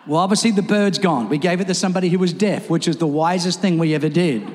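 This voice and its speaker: A man preaching a sermon in a church, telling stories and acting them out with lively, rising delivery. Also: fairly quick, hardly any pauses. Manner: animated, acts out his stories with rising pitch. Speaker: pastor. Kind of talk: sermon with storytelling. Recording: reverberant church hall with music.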